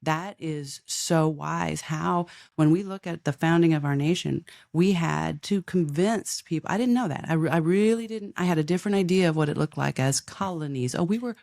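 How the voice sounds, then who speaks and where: Older lady guest on a podcast, chatty and animated, keeps restarting, dry close mic. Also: sits low, moderate pace, creaky, few pauses, dry recording. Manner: animated, acts out quoted dialogue, frequent restarts. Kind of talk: conversational interview.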